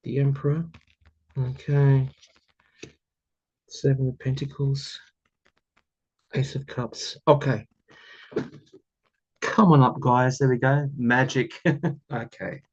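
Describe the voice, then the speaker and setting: A man's voice: medium pitch, level tone, takes it slowly, long pauses, husky, lo-fi sound. Earnest rambling male tarot reader. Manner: rambling, earnest, chatty with self-deprecating laughs. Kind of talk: casual tarot reading vlog.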